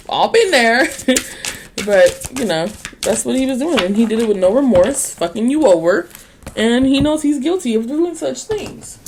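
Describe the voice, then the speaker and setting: A woman's voice: on the high side, very animated, darkish tone, slight background noise. A woman giving a casual tarot reading in a blunt, sassy, slangy style, swearing freely and laughing often. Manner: laughs often, drawn-out speech. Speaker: tarot reader.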